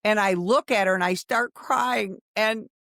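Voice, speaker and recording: A woman in her sixties, a former undercover police officer, telling a story in a podcast conversation with dramatic, animated retelling. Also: mid-range voice, unhurried, dry recording, studio quality. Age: 60s.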